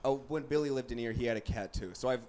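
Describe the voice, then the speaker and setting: A man's voice: medium pitch, fast, darkish tone, a little hiss or hum. A young man hosting a casual podcast chat, joking, laughing often and acting out quotes. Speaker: podcast host.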